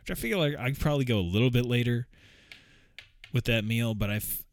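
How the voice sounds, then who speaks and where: A man's voice: mid-range voice, quick pace, no echo, clean studio sound. A man telling a rambling, profane story in a casual vlog, often chuckling.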